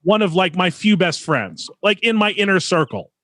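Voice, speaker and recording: A man's voice: high voice, big pitch swings, normal speed, pushed and bright, dry recording. A man hosting a casual podcast, earnest and emphatic, drawing out his pleas to listeners. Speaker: podcast host.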